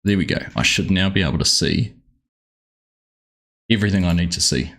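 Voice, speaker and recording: Husky, low-voiced Australian man streaming. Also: a little fast, fairly bright tone. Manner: chatty and rambling, greeting viewers by name. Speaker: game streamer. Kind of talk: casual live-stream chat.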